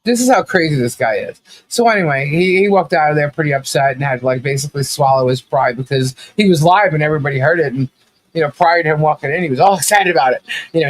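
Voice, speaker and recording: A man's voice: fairly high pitch, animated, fast, rough recording. A man co-hosting a podcast, telling a story in casual commentary, acting out quotes with laughing asides. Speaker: podcast co-host.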